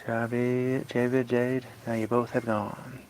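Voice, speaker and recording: A man's voice: medium pitch, level tone, unhurried, darkish tone, a little hiss or hum. A man in his thirties chatting casually with viewers on a live stream. He rambles in a playful way and drifts into silly made-up songs. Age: 30s.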